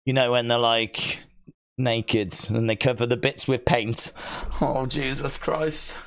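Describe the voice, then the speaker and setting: A man hosting a wrestling watch-along live stream, chatting excitedly, reading viewer comments and often breaking into high, squealing shouts. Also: slow, creaky. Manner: giddy, jumps to squealing high shouts, rambling.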